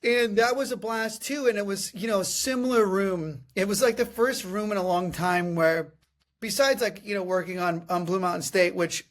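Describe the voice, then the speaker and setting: A man in his thirties hosting a podcast, telling comic stories in a casual, animated way and often laughing. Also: sits high, moderate pace. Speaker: podcast host. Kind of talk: casual comedic storytelling.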